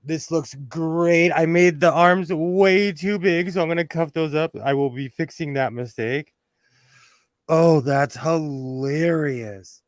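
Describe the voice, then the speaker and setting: A man's voice: on the high side, slow pace, no echo, clean studio sound. A middle-aged man hosting a casual sewing livestream from home, chatty and self-mocking, reading chat questions aloud.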